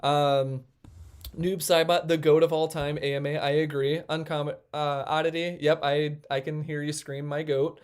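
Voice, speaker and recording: Male livestream host with a slightly high voice, loose and rambling with frequent ums. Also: little pitch movement, normal speed, clean tone. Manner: rambling, lots of fillers, self-deprecating. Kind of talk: casual livestream chat.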